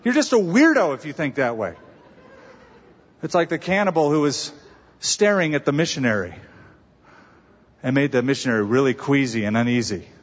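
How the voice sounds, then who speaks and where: A man's voice: mid-range voice, lively intonation, moderate pace, long pauses. A man preaching a sermon as pastor, conversational with humor and emphatic stresses. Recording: dull reverberant sanctuary recording.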